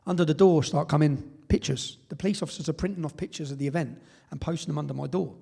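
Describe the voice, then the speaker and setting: A man's voice: fairly high pitch, fairly even intonation, fast, gravelly, dark tone, slightly rough. A middle-aged English man from Britain giving a live speech, telling his story emphatically and often tagging sentences with "yeah?". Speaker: public speaker. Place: event hall.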